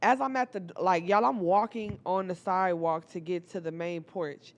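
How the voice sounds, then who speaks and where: A young woman shares a personal story with her viewers, speaking casually, animatedly and with plenty of profanity, often calling out to the audience. Her voice sits lowish and her pace is moderate.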